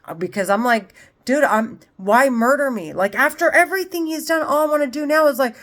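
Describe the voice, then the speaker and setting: A woman's voice: high voice, brisk, a bit bright. Heated, profane woman in her forties. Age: 40s. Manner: heated, profane, repetitive rant. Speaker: vlogger. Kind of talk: unscripted monologue to camera.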